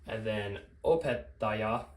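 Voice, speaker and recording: A man teaching a language lesson in a relaxed, explanatory way, often pausing with fillers and correcting himself. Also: on the low side, roomy sound, low-quality recording.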